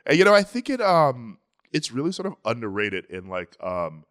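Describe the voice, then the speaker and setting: A man's voice: mid-range voice, very animated, moderate pace, fairly bright tone. A man co-hosting a podcast, chatting about pop culture in a playful, enthusiastic way with frequent laughter. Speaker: podcast co-host. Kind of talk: casual pop-culture chat.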